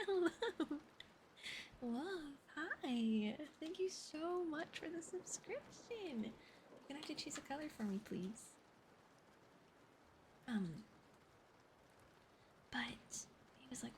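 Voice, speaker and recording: A young woman whispering softly on an ASMR livestream, chatting and giggling with viewers as she thanks them and tells a story. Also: sits high, animated, slow, pauses often, noisy background. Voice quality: soft whispery voice. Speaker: streamer. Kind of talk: whispered ASMR stream chat.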